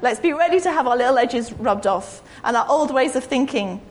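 A woman's voice: sits high, lively intonation, brisk, a little hiss or hum. A woman giving an informal, rambling, self-deprecating sermon in a church hall. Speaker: preacher. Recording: echoey hall.

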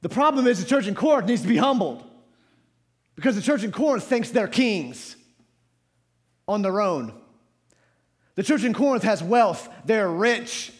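Animated preacher with high, lively voice. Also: male voice, measured pace, pauses often. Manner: animated preaching with sudden shouts and drops to low asides. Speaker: pastor. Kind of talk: sermon. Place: church sanctuary.

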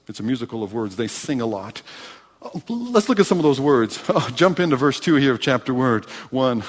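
A man preaching a sermon as a pastor, speaking with animated emphasis and frequent restarts. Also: medium pitch, in a large hall.

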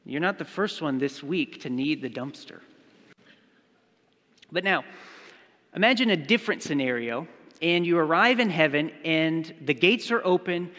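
A man's voice: fairly high pitch, expressive, measured pace, long pauses, pushed and bright, big-room sound. A man preaching a sermon, telling a story and speaking its quoted lines in his own voice. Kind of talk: sermon with acted-out illustration.

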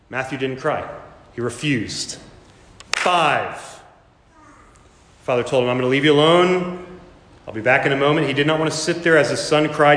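A man's voice: medium pitch, fairly bright tone, a little hiss or hum. A man preaching a sermon, telling a story with dramatic rises and voicing the characters in it. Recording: echoey hall, reverberant room.

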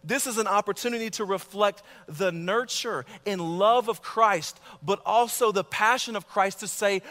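A man's voice: high voice, normal speed, few pauses, fairly bright tone, big-room sound. A middle-aged man preaching a sermon, earnest and exhorting, telling a story from his own life. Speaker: pastor.

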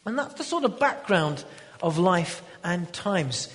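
High-voiced male preacher in a reverberant hall. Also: big pitch swings, measured pace. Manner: emphatic, building to loud declarations. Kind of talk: sermon.

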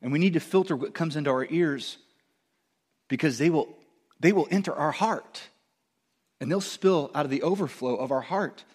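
A middle-aged man preaching a sermon as pastor, animated, growing loud on quoted lines and stumbling into quick restarts. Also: on the high side, husky.

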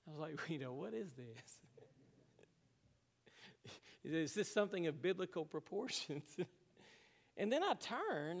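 A man's voice: sits high, long reverb tail. A man preaching a sermon, telling a personal story with emotion and frequent laughs. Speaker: pastor.

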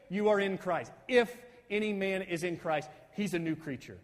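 High-voiced preaching man in a reverberant hall. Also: unhurried, few pauses. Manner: rising to excited emphatic bursts, rhetorical "right?" tags. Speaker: pastor. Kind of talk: sermon. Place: church sanctuary.

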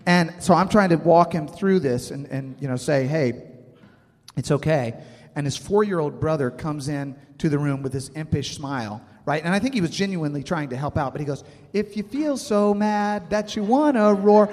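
A man's voice: fairly high pitch, normal speed, darkish tone, long reverb tail. A man in his thirties preaching a sermon, talking conversationally and asking the congregation questions. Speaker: pastor.

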